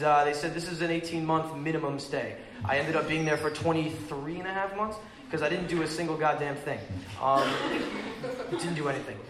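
A man's voice: fairly high pitch, a bit bright, slight background noise. Rambling, profane young man in an echoey room. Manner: profane, rambling, loose storytelling with frequent fillers. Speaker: speaker sharing his recovery story. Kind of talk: casual personal story at a recovery meeting. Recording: echoey room with faint ambience.

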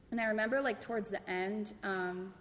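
A woman's voice: medium pitch, a bit bright. A woman in her twenties telling her personal story to a group, casual and self-deprecating, with lots of filler words. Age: 20s. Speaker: speaker sharing her story. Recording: long reverb in a hall, faint background noise.

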